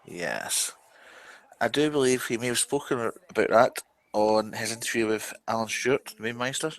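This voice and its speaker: A man's voice: mid-range voice, moderate pace. A Scottish man co-hosting a casual fan commentary, easygoing and chatty. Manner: easygoing, chatty, laughs easily. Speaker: commentary co-host.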